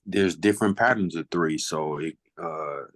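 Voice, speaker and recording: A male student answering in class, halting with fillers and scatting beat patterns to explain. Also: low voice, fairly bright tone, no echo.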